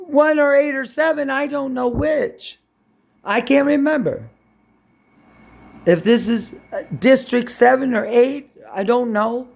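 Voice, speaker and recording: A man's voice: very high voice, slow, creaky. A man from Brooklyn, rambling and swearing bluntly as he talks to his camera. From Brooklyn, New York. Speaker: vlogger.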